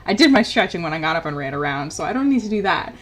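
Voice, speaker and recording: A woman live-streams a video game, talking casually and sounding exasperated, very animated and quick. She swings from loud outbursts to low muttering, swears freely, and faint music plays behind her.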